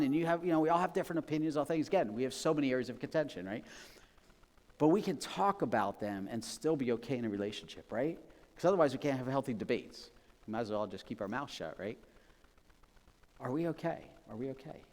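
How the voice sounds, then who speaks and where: A man's voice: medium pitch, animated, fast, a little mellow, long reverb tail. A man preaching a sermon as pastor, in a conversational, emphatic way that often checks in with "right?". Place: church sanctuary.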